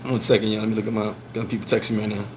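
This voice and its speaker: A man's voice: fairly low pitch, racing, background noise. A man hosting a casual livestream vlog and telling stories, acting out the lines he quotes. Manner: animated storytelling, acts out quoted lines. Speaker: vlog host. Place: bar in the Dominican Republic.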